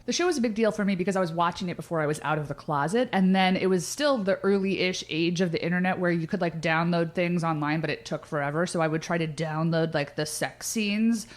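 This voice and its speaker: A woman co-hosting a podcast, chatting casually with quick, jokey asides. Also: on the low side. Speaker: podcast co-host. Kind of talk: casual chat.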